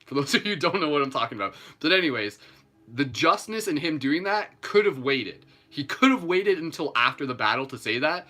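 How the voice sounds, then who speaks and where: A Canadian man leading a live guided meditation, moving from slow, gentle breathing cues into rambling, chatty asides full of "like" and "you know". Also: mid-range voice.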